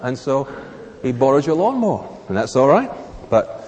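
A man preaching a sermon in a church hall, animated, acting out little scenes in raised voices. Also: medium pitch, moderate pace. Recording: long reverb of a large hall.

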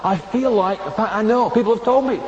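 A man preaching a sermon from a platform to an audience, emphatic, slowing down to stress single words. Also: sits high, a little mellow. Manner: acts out inner voices of listeners. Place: speaking from a platform before an audience. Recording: dull lo-fi recording with faint noise.

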